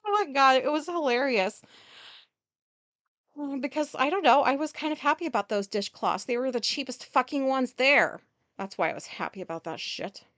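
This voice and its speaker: A woman with a high, expressive, fairly bright voice hosts a casual solo podcast with no echo. She rambles and swears, uses lots of fillers, and keeps stopping for quick apologies.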